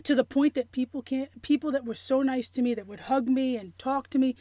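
A woman with a mellow, somewhat high voice tells her story in an interview. She talks earnestly and with feeling, halting, restarting and reaching for words. The sound is dry and close. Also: no echo. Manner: halting, with many restarts and fillers; earnest and emotional. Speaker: interview guest.

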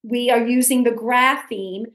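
In an echoey room, a New York–accented podcast host from Brooklyn keeps a casual interview going, pausing with ums as she checks her notes. Her voice is a little high, a bit bright, steady in tone and a little slow.

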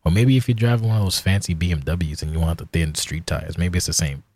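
A man's voice: sits low, fast, darkish tone, breathy edge, dry recording. A man in his forties hosting a casual solo podcast, rambling and profane, self-deprecating about himself. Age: 40s. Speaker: podcast host.

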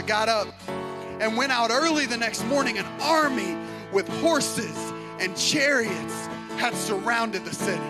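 Male pastor, sermon delivery, high pitch, dramatic hush-to-shout swings, guitar underneath. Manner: storytelling with acted-out voices. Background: guitar music.

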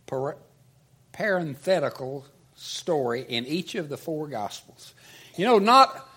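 Southern man preaching, slow, husky voice, lively pitch, earnest. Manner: earnest, conversational, restarts often. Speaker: pastor. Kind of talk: sermon with scripture reading.

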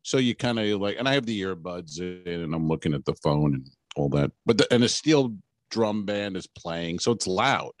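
A man's voice: deep voice, lively intonation, moderate pace. A man co-hosting a comedy podcast, telling a story bluntly and laughing at himself. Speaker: podcast co-host. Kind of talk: casual comedy banter.

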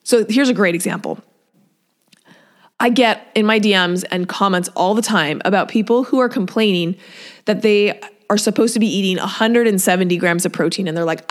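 A woman with a mid-range voice speaks at a moderate pace in a solo podcast. She's a fitness coach, chatty and encouraging, and she often acts out what her clients say in their voices.

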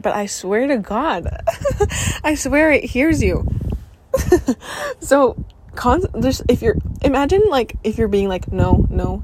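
A young woman in her late teens talks casually as a podcast host, chatty and excitable. She fills her talk with fillers and casual swearing. Her pitch sits in a middle range, with faint noise in the recording. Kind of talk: casual chat.

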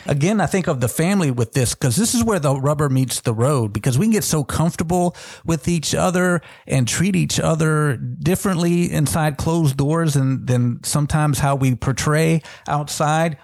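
A man's voice: fairly high pitch, darkish tone, no echo, clean studio sound. A man giving a reflective devotional Bible teaching and asking searching questions of his listeners. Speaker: podcast co-host teaching on scripture.

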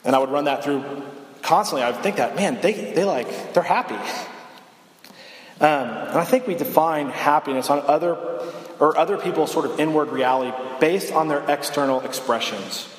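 A man's voice: on the high side, normal speed. A young man giving a sermon as a campus minister, conversational and self-deprecating, often restarting his sentences. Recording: echoey hall reverb.

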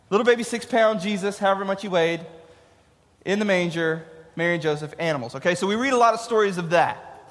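A man's voice: sits high, a bit bright. A man in his thirties giving a casual youth sermon, joking and asking the crowd questions. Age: 30s. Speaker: youth pastor. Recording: long hall reverb.

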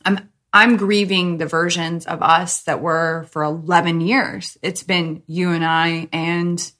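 A woman's voice: lowish voice, flat delivery, a bit bright. A woman hosting a podcast, talking openly and emotionally with her partner in casual chat. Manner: open, emotional, talks in quick bursts. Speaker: podcast host.

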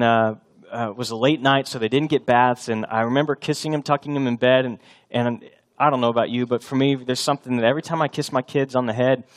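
A man in his thirties preaching a sermon as a pastor, telling family stories in a conversational way. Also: mid-range voice. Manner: storytelling, conversational with the congregation.

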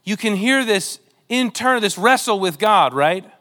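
A man's voice: high voice, expressive, moderate pace, pushed and bright. A man preaching a sermon, earnest and emotional, reading scripture with a pleading, dramatic delivery. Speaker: pastor.

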